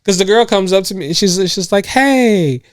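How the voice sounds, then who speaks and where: A man with a fairly high voice, recorded close and dry with almost no room sound. He chats casually on a podcast couch, laughing a lot and playing out the lines of people in his stories. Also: steady tone, quick pace, no echo. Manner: storytelling, laughs often, acts out quotes. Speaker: podcast co-host. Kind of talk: casual chat. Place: indoors on a couch.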